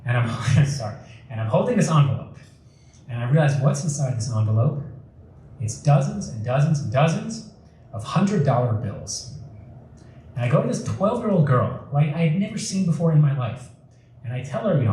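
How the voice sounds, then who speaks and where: Young man, casual storyteller, warm mellow tone, heard from a distance in a roomy hall with faint background noise. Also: fairly high pitch, big pitch swings, normal speed. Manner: casual, joking, filler-heavy with frequent "like". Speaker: speaker at a community event. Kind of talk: storytelling talk to an audience. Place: community center hall. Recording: echoey room, mic far off, faint noise.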